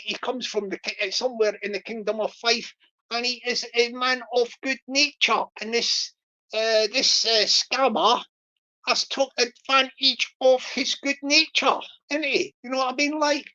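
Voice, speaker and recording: A woman's voice: a little high, sharp tone. A woman livestreamer chatting casually in a rambling way, with many restarts, fillers and small chuckles. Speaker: YouTube livestreamer. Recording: lo-fi dull stream audio.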